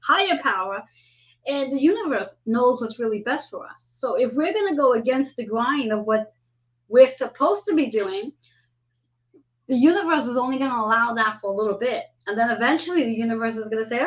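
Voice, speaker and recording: A woman in her fifties hosting a casual spiritual astrology chat, talking in an animated way and acting out the voices she quotes. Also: high voice, normal speed, lo-fi sound. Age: 50s. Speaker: host.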